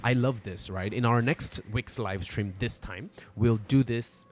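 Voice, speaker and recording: A man's voice: mid-range voice, unhurried, a little hiss or hum. A man teaching a casual, irreverent language lesson on a live stream from outdoors, swearing freely as he explains. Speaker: Korean teacher.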